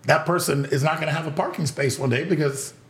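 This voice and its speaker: A man telling a story in casual chat, animated and profane, acting out voices as he goes. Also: on the high side, fast, reverberant. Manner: animated storyteller, acts out voices, swears freely. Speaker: podcast guest telling stories.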